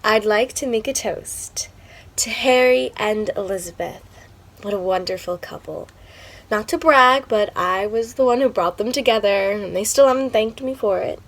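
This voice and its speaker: A woman's voice: mid-range voice, normal speed, close to an everyday voice. A teenage girl performing a monologue as a cheerful young woman giving a wedding toast, telling a rambling, chatty story. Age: teens. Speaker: student actor. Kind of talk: stage monologue.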